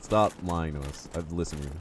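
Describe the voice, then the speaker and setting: A man's voice: a bass voice, a little fast, slight background noise. A man streaming a game live, chatting casually and joking with his viewers. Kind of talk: casual live-stream chat while playing.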